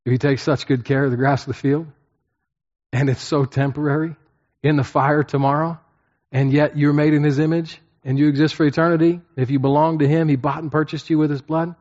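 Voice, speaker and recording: A man's voice: a little high, little pitch movement, fairly quick, a little mellow. Man teaching scripture, repeating points. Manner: repeats phrases, checks in with listeners. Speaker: pastor teaching a class. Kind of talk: sermon-style Bible teaching. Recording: dull lo-fi recording.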